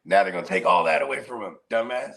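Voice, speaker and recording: A man's voice: deep voice, lively intonation, fast, a crowd in the background. A man co-hosting a podcast in casual chat, laughing often and acting out quotes in other voices. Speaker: podcast co-host.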